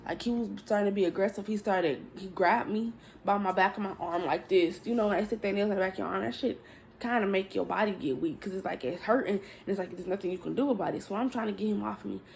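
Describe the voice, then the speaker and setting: Candid rambling young woman, gravelly voice. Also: mid-range voice, fast talker, darkish tone, a little hiss or hum. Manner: candid, rambling, swears freely, addresses viewers as y'all. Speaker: vlogger telling a story. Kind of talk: casual storytime chat to camera.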